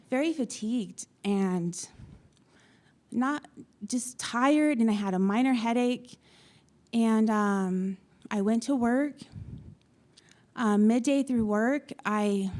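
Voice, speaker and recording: A young adult woman from Utah, a patient on a panel, telling her story to an audience with frequent pauses and ums. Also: medium pitch, a little mellow. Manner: halting, many ums, retells dialogue. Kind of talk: personal story told to an audience.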